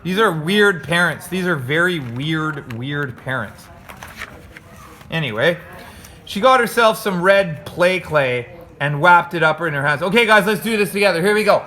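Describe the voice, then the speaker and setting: Bright-voiced man reading a storybook. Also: fairly high pitch, lively intonation, moderate pace. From North America. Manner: jokey, chatty, makes sound effects. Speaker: storybook reader. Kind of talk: playful read-aloud with commentary.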